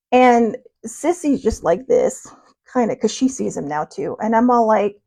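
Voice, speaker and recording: A woman's voice: fairly high pitch, animated, moderate pace, vocal fry, darkish tone. A woman host telling a funny story in a casual, chatty way, laughing and poking fun at herself. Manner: chatty, laughing, self-deprecating. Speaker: podcast host.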